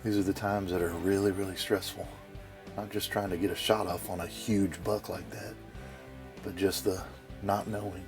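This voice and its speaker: A man with a fairly low voice narrates a bowhunting trip in the woods. He talks in short, plain spoken phrases. Faint music plays under him. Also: level tone, normal speed. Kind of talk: hunting show narration and field talk. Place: outdoors in woods.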